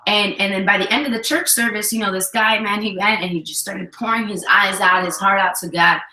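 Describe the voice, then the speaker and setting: A woman's voice: medium pitch, fairly quick. A woman co-hosting a casual chat about relationships, telling stories animatedly and acting out what people said. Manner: animated storytelling, acts out quotes. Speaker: co-host. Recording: echoey room.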